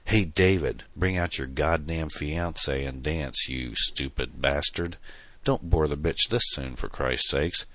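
A man voicing a drunk, hysterical young woman who shouts and slurs profane rants. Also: very deep voice, measured pace, no room sound, full character voice. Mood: drunken raving. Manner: slurred, shouting, profane ranting.

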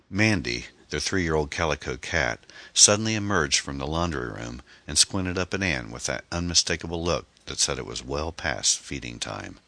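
A man narrating a mystery novel in a measured, even storytelling manner. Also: very deep voice, creaky. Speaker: audiobook narrator. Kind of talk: scripted narration.

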